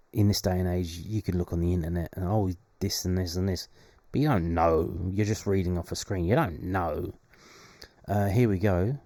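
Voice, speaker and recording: A man's voice: lowish voice, dark tone, dry recording, clean studio sound. A young man, casually reading out football predictions and adding wry, chatty asides. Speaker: fan channel host. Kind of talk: casual solo commentary, reading predictions aloud.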